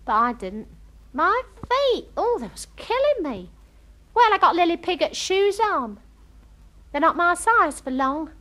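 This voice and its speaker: A woman's voice: extremely high pitch, measured pace, heavily acted. An actress playing a chatty, starry-eyed young working-class girl in a comic monologue, gossiping with homely, ungrammatical speech. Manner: lively, breathless gossiping storyteller.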